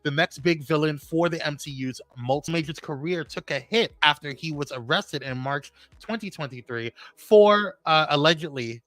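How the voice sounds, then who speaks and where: A man with a New York accent leads a live stream with animated energy, calling out viewers by name and reading the news. His voice is bright and forceful and sits a bit high. The sound is close and dry. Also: normal speed, few pauses, no room sound, poor audio. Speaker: podcast co-host.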